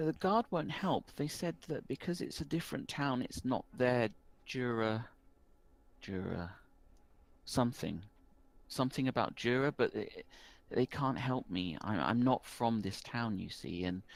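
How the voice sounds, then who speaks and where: A man's voice: medium pitch, animated, a little slow, pitched above the performer's own voice. A man voicing a timid, polite young boy with a slightly rural accent, who stammers and forgets things, in a tabletop game. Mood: anxious.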